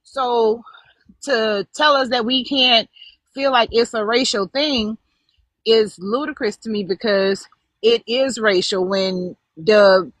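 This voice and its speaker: A woman's voice: a little high, slow pace, a bit bright, dry recording, rough recording. An older woman co-hosting a live online talk show, speaking bluntly with sarcastic indignation. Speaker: co-host. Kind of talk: casual live-stream commentary.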